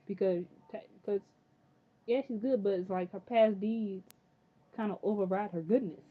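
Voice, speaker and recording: A woman giving an excitable, casual recap of a TV episode. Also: mid-range voice, moderate pace. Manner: chatty, excitable, says "freaking" often. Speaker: TV episode reviewer. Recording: tinny phone-like audio.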